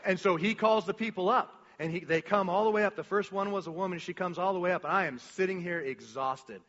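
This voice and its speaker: A man preaching a sermon as a pastor, casual and animated, full of slang and restarts. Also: high-pitched, brisk, long reverb tail, dull audio.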